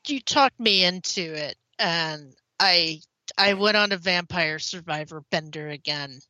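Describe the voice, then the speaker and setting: Bright-voiced woman chatting on a podcast. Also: fairly low pitch, a little slow, no room sound, low-quality recording. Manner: chatty, restarts mid-sentence. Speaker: podcast co-host. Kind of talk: casual podcast chat.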